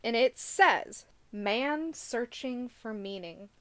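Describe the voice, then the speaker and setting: A young woman with a high voice co-hosts a casual podcast, breaking into giggles as she tells stories. Her recording is dry and close, with no room sound. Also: lively intonation, slow pace, fairly bright tone, smooth, no room sound. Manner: giggly storyteller, reads notes aloud. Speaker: podcast co-host. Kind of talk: casual chat.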